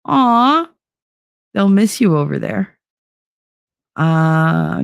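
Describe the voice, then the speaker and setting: A woman's voice: on the low side, expressive, takes it slowly, creaky, pauses often, dry recording, clean studio sound. A woman from New Jersey hosting a casual livestream, rambling and swearing as she reads chat, sleepless and frazzled. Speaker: livestream host.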